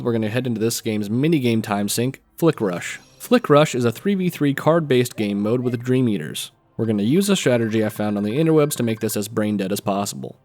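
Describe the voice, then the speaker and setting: A man's voice: medium pitch, a little mellow. A man narrating gameplay as a trophy hunter, with dry, joking asides.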